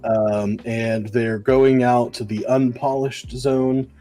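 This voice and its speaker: A man's voice: medium pitch, fairly even intonation, slow, mellow. A man co-hosting a comic book podcast, retelling a story in a rambling, casual way with many ums and likes. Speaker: podcast co-host.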